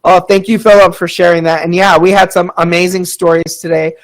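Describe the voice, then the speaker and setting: A man's voice: high-pitched, level tone, a little fast, low-quality recording. A man hosting a casual storytelling podcast, rambling and chatty with lots of fillers, reading out listener comments. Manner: reads out audience chat comments. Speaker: podcast host.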